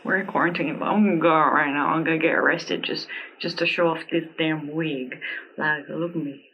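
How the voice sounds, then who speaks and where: A woman vlogging a casual product review at home, gushing and excitable, with many "like" fillers and frequent giggles. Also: deep voice, a little fast, lo-fi sound, slight background noise. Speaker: beauty vlogger reviewing a wig.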